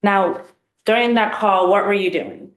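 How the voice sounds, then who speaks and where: Woman attorney questioning a witness, steady and measured, roomy courtroom sound. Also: mid-range voice. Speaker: prosecutor.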